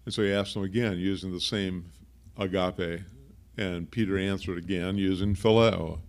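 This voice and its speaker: A pastor delivers a conversational sermon, stopping to unpack word meanings and drift into asides. His man's voice sits low and carries a steady gravelly fry. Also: moderate pace.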